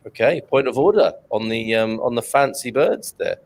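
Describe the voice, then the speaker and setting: A man's voice: mid-range voice, animated, normal speed, darkish tone. A man hosting an online chat show over a video call, joking, reading out chat comments and laughing often. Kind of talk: casual banter on a video call.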